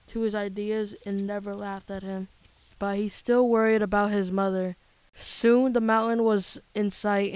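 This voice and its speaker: A woman reading a children's story aloud in a plain, gentle storytelling way. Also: mid-range voice, smooth, no room sound, low-quality recording. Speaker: storybook reader.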